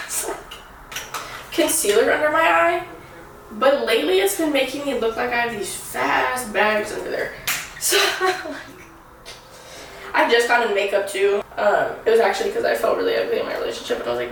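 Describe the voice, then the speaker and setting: A woman's voice: a little high, fairly quick, distant mic, a little hiss or hum. Woman, twenties, casual vlog chat, rambling and candid, quite echoey, a little off mic. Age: 20s. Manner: candid, rambling with frequent "like" fillers. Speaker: vlogger. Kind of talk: casual chat while getting ready.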